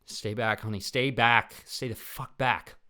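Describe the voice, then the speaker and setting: A man playing a furious man yelling at an intruder. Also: medium pitch, steady tone, a little slow, clear, resonant tone. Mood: panicked. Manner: yelling, frantic. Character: angry man defending his home from an intruder.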